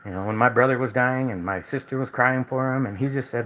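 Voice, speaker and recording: A man's voice: mid-range voice, fast talker, a bit bright, a little hiss or hum, poor audio. A man hosting a casual livestream, talking in a loose, rambling way that is full of repeated words and restarts. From United States. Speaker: livestream host.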